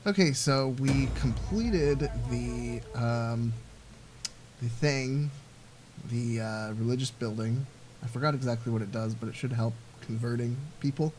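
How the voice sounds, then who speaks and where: Male let's-play host, mid-pitched, loose rambling commentary, faint background hum. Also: unhurried, darkish tone. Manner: rambling, thinking aloud with many fillers. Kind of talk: casual gameplay commentary.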